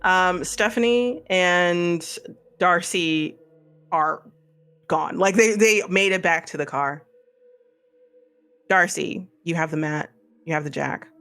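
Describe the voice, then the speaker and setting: A man's voice: high voice, slow pace, pauses often, pushed and bright, clean tone. A man with a Missouri accent, narrating a tabletop horror game as game master in a casual, rambling way. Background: faint music.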